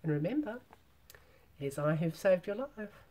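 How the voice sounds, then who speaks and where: A woman's voice: lowish voice, animated, normal speed, dark tone. A woman reading a crafty withered old hag. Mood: demanding. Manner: pleading, insistent, old-fashioned speech.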